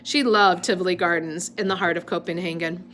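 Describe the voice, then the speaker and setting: A woman's voice: on the low side, fairly even intonation, fairly quick, a bit bright, slight background noise. A woman reading a novel aloud in an unpolished, amateur way, stopping now and then to correct her slips. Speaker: reader.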